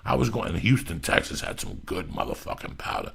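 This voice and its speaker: A middle-aged man with a deeply gravelly, husky voice hosts a podcast in loose, profane chat. He rambles through stories with loud energy and constant swearing. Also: huge pitch swings, fairly quick. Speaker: podcast host.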